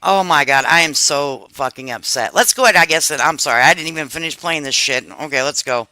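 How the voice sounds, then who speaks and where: A woman's voice: low-pitched, brisk, sharp tone, dry recording. A middle-aged woman hosting a live stream, delivering an angry, profane commentary rant. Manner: furious, profane, emphatic.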